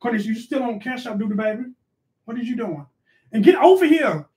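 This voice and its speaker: A bossy, sassy mother who snaps at her kids between shout-outs, as a man puts her on in a high voice. She talks brash and quick to scold, hosting a comic live stream from a bedroom. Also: expressive. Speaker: live stream host reading donations. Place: bedroom at home.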